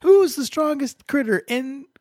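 A man's voice: very high voice, animated, moderate pace, darkish tone, dry recording, clean studio sound, pitched above the performer's own voice. A man voicing a fearless, boastful cowgirl squirrel with a Texan accent and folksy hollering. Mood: cocky.

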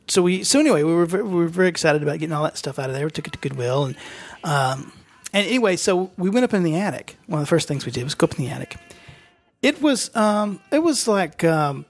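A man hosting a casual talk show, rambling with many fillers. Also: high-pitched. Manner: rambling, full of fillers and restarts, laughs often. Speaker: show host. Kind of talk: casual chat.

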